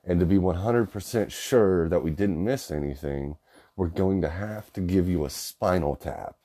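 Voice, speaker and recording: A man voicing a calm hospital doctor who speaks slowly and matter-of-factly. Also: low-pitched. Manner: slow, matter-of-fact.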